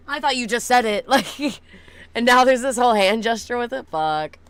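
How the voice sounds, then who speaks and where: A young woman chatting casually with viewers, blunt and swearing, laughing often, cooing softly at her dogs. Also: on the high side, lively intonation, unhurried, clear, resonant tone, no room sound. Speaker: streamer.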